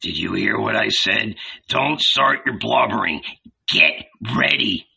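A man's voice: lowish voice, animated, takes it slowly, vocal fry, sharp tone, breathy edge, heavily acted, poor audio. A man voicing a fierce, angry red-bearded blacksmith who growls his words in a menacing way. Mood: urgent.

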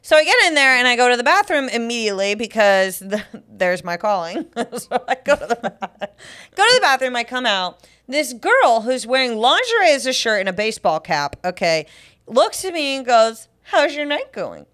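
A woman tells a comedy story with a lively, swooping voice that rises a little above the usual. She laughs often and jumps into acting out the people she met. The talk is loose and unscripted, like a chat between friends. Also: a little high, normal speed. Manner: animated, laughing, acts out quotes. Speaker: comedian and podcast co-host.

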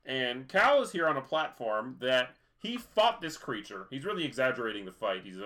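A man chats his way through an episode recap, circling back with fillers and restarts as he goes. His voice is bright and sits at an ordinary mid pitch, and his speech stays loose and conversational. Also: very animated, normal speed, hardly any pauses. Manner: rambling, many fillers and restarts. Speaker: podcast co-host. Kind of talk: casual chat recapping an episode.

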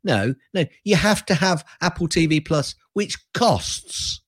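A man's voice: on the high side, normal speed, breathy edge, no room sound. An older man co-hosting a casual tech podcast, wry and given to ranting, laughing often as he talks. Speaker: podcast co-host.

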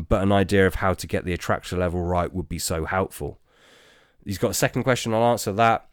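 Very deep-voiced man, rambling casual chat. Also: clear, resonant tone, dry recording, studio quality. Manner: relaxed, rambling, frequent ums and restarts. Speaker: podcast host. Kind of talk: casual chat answering listener questions.

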